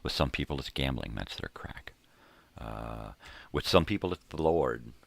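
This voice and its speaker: A man's voice: extremely low pitch, expressive, moderate pace, creaky, dry recording. An older man hosting a rambling, laid-back morning monologue, talking in a casual, profane way from a home room crammed with tapes and records. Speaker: host.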